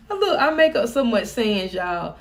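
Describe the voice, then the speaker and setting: A woman with a Southern US accent chatting casually on a live stream, folksy and joking. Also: on the high side. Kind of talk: casual chat.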